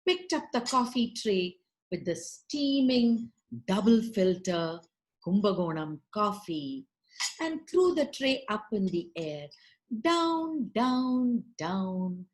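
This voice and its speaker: A woman from India with an Indian English accent telling a story in an expressive, dramatic way. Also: mid-range voice. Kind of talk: storytelling performance.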